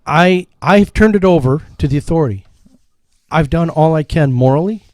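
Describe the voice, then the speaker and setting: A man's voice: a little high, animated, moderate pace, a little mellow, no room sound. A man on a local political talk show who explains procedure in a folksy way and quotes patriotic phrases. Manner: folksy, lectures with patriotic phrases, corrects others.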